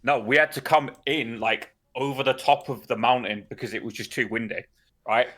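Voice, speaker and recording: A man's voice: mid-range voice, fairly even intonation, normal speed, fairly bright tone. A man co-hosting a podcast, telling a story in casual chat, swearing and laughing often. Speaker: podcast co-host.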